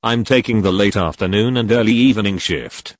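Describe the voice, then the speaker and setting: A man's voice: lowish voice, a little fast, dry recording, lightly acted. A man voicing a lazy, laid-back teenage boy ninja in a story reading. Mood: deadpan.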